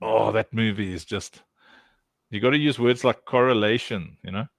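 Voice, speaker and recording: A man's voice: on the low side, normal speed, gravelly, dry recording, clean studio sound. A man from South Africa hosting a casual stream chat, joking and laughing often. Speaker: stream host.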